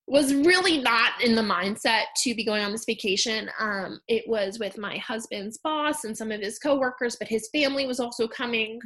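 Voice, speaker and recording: A woman in her thirties telling a personal story in a candid, conversational way, with fillers and soft laughs. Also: fairly high pitch. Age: 30s. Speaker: storyteller sharing a personal loss.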